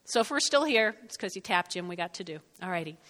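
A woman pastor giving a lively, conversational sermon, calling on the congregation to answer back. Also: fairly low pitch, quick pace. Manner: lively, conversational preaching with call-and-response. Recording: long reverb of a large hall.

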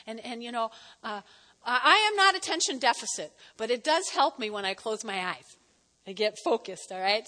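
A woman's voice: on the high side, very animated, normal speed, sharp tone. A woman pastor preaching a conversational sermon and reading scripture aloud. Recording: long hall reverb.

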